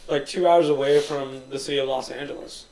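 A man explains things softly and trails off, leaning on fillers as he goes. He sits back from the mic, so his voice sounds distant and echoes around the room. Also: medium pitch, steady tone, brisk. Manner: soft-spoken, explains with many fillers. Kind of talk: casual chat.

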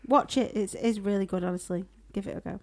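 A woman co-hosting a podcast in casual chat, speaking low with a lingering cough and gushing over recommendations. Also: fairly even intonation, fast talker, darkish tone. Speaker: podcast co-host.

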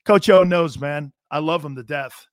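A man's voice: a little high, moderate pace, no echo, studio quality. A man hosting a sports talk show, ranting casually and brashly to his viewers. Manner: brash, animated, talks straight to viewers.

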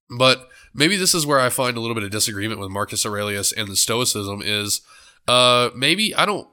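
A man with a low, bright voice hosts a solo book podcast, sounding a little stuffed up. He rambles casually, corrects himself mid-thought and teases with a joke. His tone is loose and conversational. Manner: rambling, self-correcting, joking. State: stuffed up nose. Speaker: book club podcast host.

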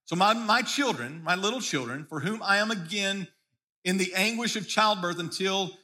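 High bright-voiced male preacher. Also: lively intonation, normal speed. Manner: conversational preaching with frequent restarts and repeated words. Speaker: pastor. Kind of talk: sermon.

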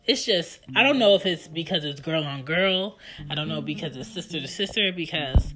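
A woman in her thirties casually telling stories about her children in an animated, chatty way. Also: deep voice, normal speed. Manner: animated, chatty, acts out her kids' lines. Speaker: mother telling family stories. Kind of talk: casual storytelling. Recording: guitar music playing behind the voice.

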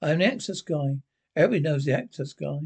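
A fussy, self-important clerk, played by a male reader, fires off brusque, suspicious lines very quickly. It is a one-man script reading. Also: fairly high pitch, lively intonation, slightly rough.

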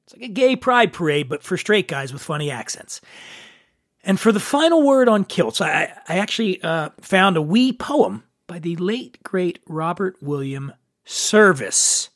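A man's voice: high-pitched, expressive, measured pace, fairly bright tone, no echo, clean studio sound. A middle-aged man hosting a podcast, delivering a crude comedic monologue with mock-macho sarcasm. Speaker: podcast host.

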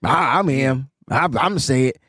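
A man co-hosting a sports podcast, talking fast and excited, ranting and repeating himself as he gets worked up. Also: medium pitch, no room sound, studio quality. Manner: animated, ranting, repeats words. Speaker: podcast co-host.

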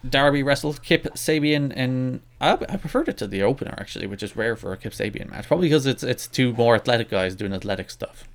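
A man's voice: mid-range voice, lively intonation, quick pace, hardly any pauses. A man co-hosting a casual wrestling podcast, rambling and self-deprecating with lots of restarts. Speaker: podcast co-host.

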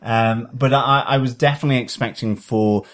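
A man's voice: medium pitch, steady tone, normal speed, a bit bright. A man co-hosting a podcast in casual chat, rambling and hesitant, with frequent ums and restarts. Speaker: podcast co-host.

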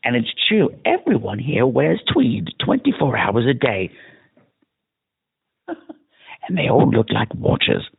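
A man's voice: medium pitch, huge pitch swings, slow, gravelly, pauses often, breathy edge. A drunk man leaving a rambling voicemail, putting on a campy, exaggerated mock British accent. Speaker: podcast host leaving himself a voicemail. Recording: tinny phone voicemail.

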